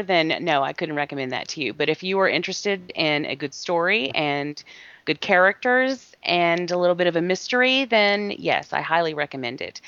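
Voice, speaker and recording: A woman co-hosting a casual movie review podcast, chatty and quick to laugh as she tells stories. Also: fairly low pitch, no echo, dull audio. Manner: chatty, animated storyteller, laughs easily. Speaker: podcast co-host.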